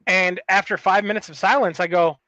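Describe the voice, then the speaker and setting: A man's voice: high-pitched, steady tone, brisk, bright, forceful tone, no room sound, lo-fi sound. A man co-hosting a podcast, telling a long story in a rambling, profane, casual way with many restarts. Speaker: podcast co-host.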